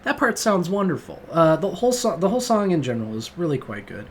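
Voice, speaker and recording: A man's voice: on the high side, sing-song, quick pace, a little mellow, a little hiss or hum. A man hosting a casual music review monologue, rambling and enthusiastic, with lots of fillers and swearing. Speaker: music podcast host.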